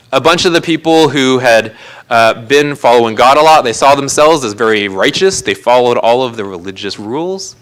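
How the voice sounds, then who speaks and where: A man's voice: mid-range voice, a bit bright, rough recording. A man, a pastor, preaching a sermon in a live-streamed church service and retelling a parable with earnest storytelling. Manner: earnest storytelling preacher, voicing characters in quotes.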